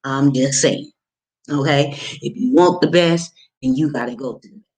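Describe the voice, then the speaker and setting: A woman's voice: a bass voice, normal speed, a little mellow. A woman life coach giving an emphatic, preachy motivational talk, repeating phrases and dropping folksy pet names. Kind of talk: motivational video monologue.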